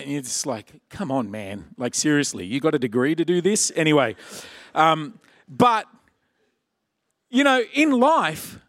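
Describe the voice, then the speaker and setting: A man preaching a sermon, telling a personal story in an animated way. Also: dry recording, studio quality. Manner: animated, acts out quotes with shouted high voices.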